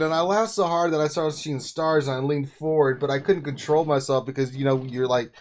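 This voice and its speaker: A man hosting a casual livestream chat, telling stories in an excitable way and laughing often. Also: fairly high pitch, a little fast, hardly any pauses. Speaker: host.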